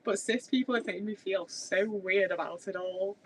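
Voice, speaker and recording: A woman's voice: mid-range voice, moderate pace, slight background noise, low-quality recording. A woman, chatting casually on a livestream in a rambling way with many filler words. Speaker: streamer.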